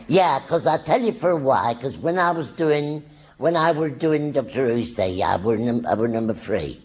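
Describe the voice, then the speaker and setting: A man's voice: mid-range voice, expressive, normal speed, husky, pitched above the performer's own voice. Man voicing a chuckling scarecrow. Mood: chuckling fond. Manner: broad ungrammatical country talk, chuckling. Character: rustic scarecrow man, cheerful and simple. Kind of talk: live stage character turn.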